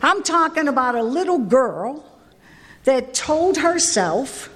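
A woman telling her own recovery story at a meeting, candid and emotional, her voice swinging from high to low. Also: very animated, slow, fairly bright tone. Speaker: recovery speaker. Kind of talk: personal recovery share at a meeting. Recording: echoey hall with long reverb.

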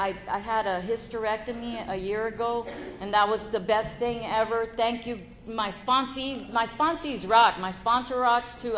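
A woman's voice: a little high, a bit bright. A middle-aged woman giving a candid personal testimony to a meeting, frank and laughing often, swearing freely. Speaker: recovery meeting speaker. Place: meeting room with an audience. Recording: faint crowd and background noise.

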